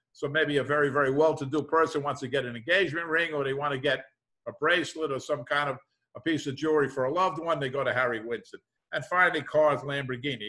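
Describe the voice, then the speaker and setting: Middle-aged guy professor teaching over a video call, bright voice, a bit high, chatty, keeps saying thing like that. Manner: conversational, repeats "thing like that", worked examples. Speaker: business professor.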